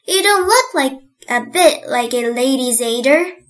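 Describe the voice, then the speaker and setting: A woman's voice: high-pitched, lively intonation, measured pace, fairly bright tone. A woman reading an audiobook, voicing a cheerful, chatty orphan girl who talks eagerly. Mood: dismayed. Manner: eager, chatty, wide-eyed. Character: earnest cheerful orphan girl, about eleven.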